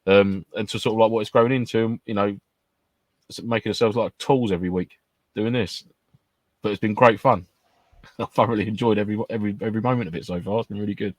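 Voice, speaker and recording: A man's voice: lowish voice, fairly even intonation, fast, no echo. A man co-hosting a casual podcast chat, bantering and laughing often. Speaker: podcast co-host.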